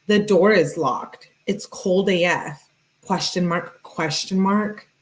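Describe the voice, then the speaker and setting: A woman's voice: on the low side, takes it slowly. A woman streamer reading text messages aloud, breaking in with sarcastic comments and thanking viewers in the chat. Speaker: true crime streamer.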